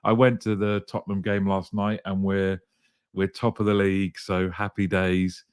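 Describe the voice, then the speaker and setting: A man hosting a live show, cheerfully greeting viewers by name and joking, his throat a little croaky. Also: low voice, flat delivery, moderate pace, dry recording, clean studio sound. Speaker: host. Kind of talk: live show chat reading comments.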